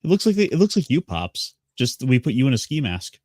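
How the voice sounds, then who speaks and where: A man's voice: medium pitch, big pitch swings, brisk, darkish tone, no room sound. Hesitant man, dry close sound. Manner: hesitant, repeats words as he starts. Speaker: podcast co-host. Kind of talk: casual movie review chat.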